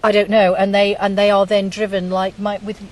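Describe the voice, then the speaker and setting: A woman hosting a group discussion, talking with many pauses and fillers. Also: mid-range voice, little pitch movement, darkish tone, recorded from a distance. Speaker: group host.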